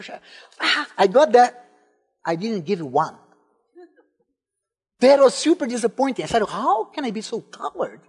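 A man's voice: high-pitched, darkish tone, breathy edge. A man from Brazil, not an English speaker, preaching a sermon and telling his own story with growing fervor. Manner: personal testimony, rising to fervent emphasis.

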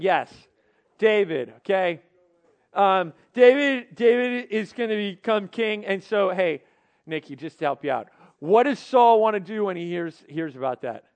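A young man with a high voice preaches to a youth group in a casual, lively way. He talks to his listeners directly and asks them questions as he goes.

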